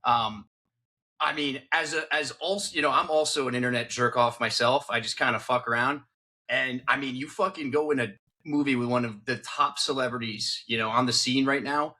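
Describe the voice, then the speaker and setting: A man's voice: mid-range voice, steady tone, normal speed, sharp tone. A young man hosting a podcast, loose and swearing in casual chat. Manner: loose, swearing, enthusiastic host. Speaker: podcast host.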